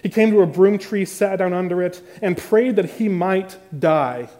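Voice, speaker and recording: High-voiced preacher delivering a sermon. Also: male voice, normal speed, mellow. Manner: emphatic, building intensity. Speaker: pastor. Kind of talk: sermon with scripture reading.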